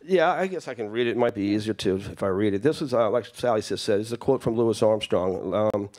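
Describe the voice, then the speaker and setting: A low-voiced man at a festival tells an audience a family story at a quick pace. He delivers it as a lively anecdote, performing the voices of those he quotes.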